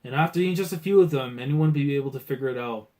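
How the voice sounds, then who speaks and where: A man hosting a live reaction to a comic chapter. He reads it aloud and talks in a casual, slangy way that swings from low muttering to loud outbursts. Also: rapid-fire. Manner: excitable, swings from muttering to shouting; casual slangy talk, keeps saying bro. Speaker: manga reaction channel host.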